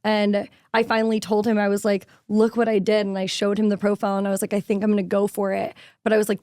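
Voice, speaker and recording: A young woman with a rustic, raspy voice, a content creator telling stories in a casual panel chat, full of "like" and fillers. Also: mid-range voice, monotone, fast, hardly any pauses, darkish tone, dry recording, clean studio sound. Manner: chatty storyteller, fillers and "like". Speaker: food content creator guest.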